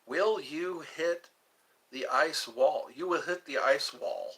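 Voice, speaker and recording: A man's voice: on the high side, takes it slowly, a bit bright, slightly rough. A man hosting a rambling live stream from his phone, cracking jokes and answering viewers' questions. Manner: jokey, reads viewer questions aloud and answers them. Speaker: livestream host.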